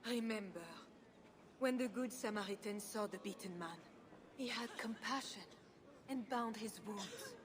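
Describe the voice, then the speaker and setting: An actress voicing a pious, grave queen in a game, who speaks in a solemn, measured way. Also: mid-range voice, a crowd in the background, lightly acted. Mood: prayerful. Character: pious grave queen sheltering her people.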